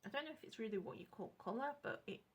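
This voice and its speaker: A woman with a British accent chatting at her home craft desk while she tests paints. She rambles, corrects herself and drops into soft asides. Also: a little high, expressive, racing, slightly rough. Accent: British English. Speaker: craft channel host testing paints. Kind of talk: casual craft demonstration chat. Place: home craft desk lit by a clip-on lamp.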